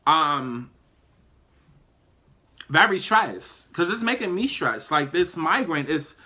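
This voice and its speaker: A man's voice: on the high side, very animated, takes it slowly, bright, forceful tone. A man giving a casual tarot reading to viewers, chatty and emphatic, talking straight to his audience and cursing freely. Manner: chatty, emphatic, profane, addresses viewers directly. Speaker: tarot reader.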